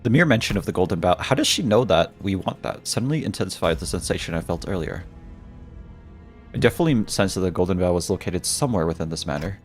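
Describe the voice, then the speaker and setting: A man's voice: deep voice, lively intonation, fast, soft background music. A man streaming a game, casually joking with chat and reading the game's dialogue aloud, now and then in a mock British voice.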